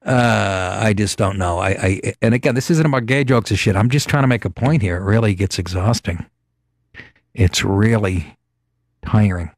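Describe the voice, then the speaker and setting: A man's voice: lowish voice, moderate pace, no echo, clean studio sound. A middle-aged man hosting a comedy talk show, ranting sarcastically with profanity and frequent laughs. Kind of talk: comedic radio show banter.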